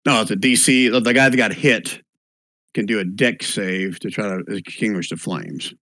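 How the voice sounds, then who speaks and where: A man running a tabletop game online as dungeon master, relaxed and thinking aloud as he rules. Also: fairly low pitch, normal speed, no room sound.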